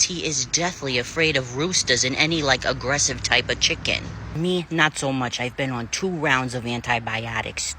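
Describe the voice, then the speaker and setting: A man telling stories in a casual vlog, chatty and profane and quick to laugh. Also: mid-range voice, bright, forceful tone, slight background noise. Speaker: vlogger.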